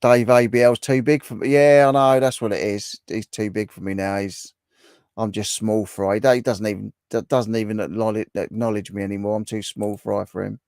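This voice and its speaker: A man's voice: lowish voice, steady tone, moderate pace, darkish tone, no echo, studio quality. A man hosting a casual livestream, reading viewer comments aloud and chatting with them in a bantering, repetitive way. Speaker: livestream host.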